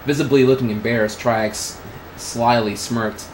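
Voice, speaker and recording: A man's voice: mid-range voice, steady tone, normal speed, a little hiss or hum, rough recording. A man streaming, reading crude fan fiction aloud in a comedic way. He often laughs and stumbles over the words. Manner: breaks into laughter, crude and casual.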